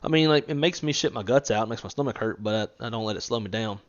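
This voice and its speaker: A man's voice: lowish voice, fast, muffled recording. Profane, laughing man streaming a flight sim. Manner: loose, profane, laughs often. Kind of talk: casual gaming chat.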